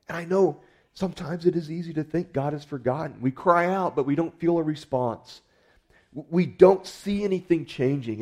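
A man's voice: fairly high pitch, mellow. A man preaching a sermon in an earnest, conversational way, often restarting his words as he goes. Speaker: pastor.

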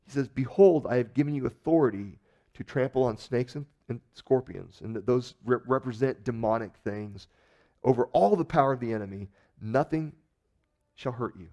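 A male pastor preaching a sermon in a conversational, animated storytelling way, acting out the people in his stories. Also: medium pitch, moderate pace.

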